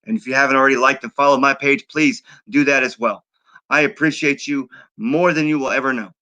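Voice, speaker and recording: A man hosting a recovery livestream, giving heartfelt, repetitive thanks and shout-outs in a casual sign-off. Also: medium pitch, fairly even intonation, brisk, poor audio.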